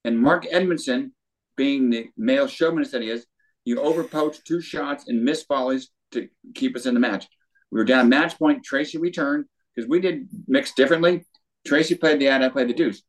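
Older man telling a lively story. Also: mid-range voice, moderate pace. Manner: animated storyteller with acted quotes. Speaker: guest, former tennis pro. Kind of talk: storytelling interview.

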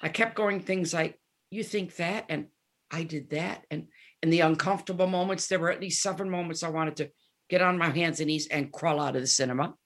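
Woman in her seventies, gravelly voice, lively storyteller, casual interview chat. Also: low-pitched, a little fast. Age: 70s. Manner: animated storyteller, acts out dialogue. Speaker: guest musician.

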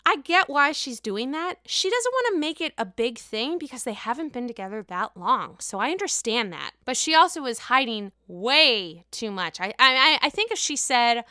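A woman giving a casual, profane reality show recap, chatty and excitable, calling the viewer honey. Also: fairly high pitch, moderate pace, few pauses, clean tone, no room sound, clean studio sound. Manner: excitable outbursts.

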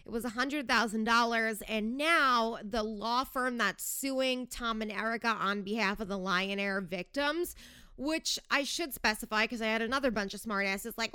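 A woman's voice: fairly high pitch, moderate pace, sharp tone, clean tone, dry recording, studio quality. A young woman hosting a podcast, ranting in a chatty, fired-up way with sarcastic jabs and lots of "like". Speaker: podcast host. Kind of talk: casual reality TV gossip rant.

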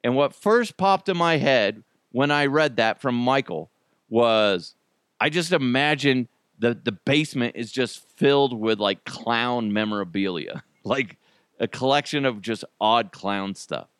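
Man, podcast host, casual monologue, smooth voice, dry close mic. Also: medium pitch, no echo. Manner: chatty, laughs often, self-deprecating.

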